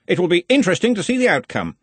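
A booming, jovial old wizard chief, put on by a male audiobook narrator. He barks orders cheerfully, his voice leaping up and down, with a husky edge, close and dry. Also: very animated, very fast, no room sound, heavily acted. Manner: loud, jovial, commanding.

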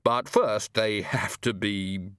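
A man's voice: on the low side, slow pace, fairly bright tone, smooth, no echo, clean studio sound. A man voicing a nervous male shopkeeper who stammers and backpedals. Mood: flustered.

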